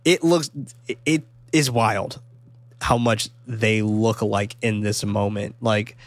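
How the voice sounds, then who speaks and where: A man co-hosting a casual film discussion, talking excitedly, swearing often and acting out lines from the movie. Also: fairly low pitch, slow, no echo. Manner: animated, swears a lot, acts out quotes. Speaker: podcast co-host.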